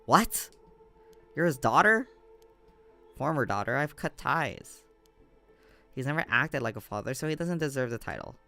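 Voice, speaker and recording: A man voicing a hostile, sharp-tongued young woman who sneers as he reads a game aloud. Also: mid-range voice, very animated, moderate pace, vocal fry, long pauses, soft background music, full character voice. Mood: bitter. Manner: sneering, scornful.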